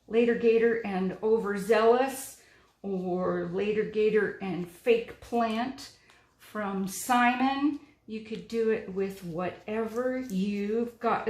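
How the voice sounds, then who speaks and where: Unhurried middle-aged woman in an echoey room. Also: mid-range voice, darkish tone. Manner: chatty, narrates while working, many ums. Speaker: card-making crafter. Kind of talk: crafting tutorial chat.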